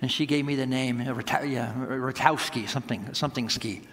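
A man's voice: mid-range voice, fairly even intonation, a little fast, a bit bright. A man around sixty, a pastor preaching a sermon, telling a story with laughter. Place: church sanctuary. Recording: long hall reverb.

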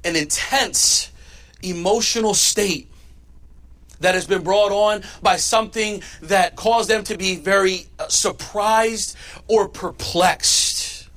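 A man preaching a sermon as pastor, swinging between loud emphatic lines and hushed ones. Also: sits high, slow pace.

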